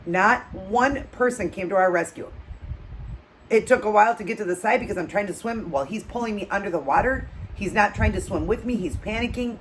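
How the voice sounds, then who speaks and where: A woman hosting her own channel, telling a story in a loose, chatty way, getting louder and higher at tense moments and dropping to low murmurs between them. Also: fast, a little hiss or hum, poor audio. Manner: animated retelling with acted quotes, trailing off into low murmurs. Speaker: channel host. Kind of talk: casual storytelling while eating.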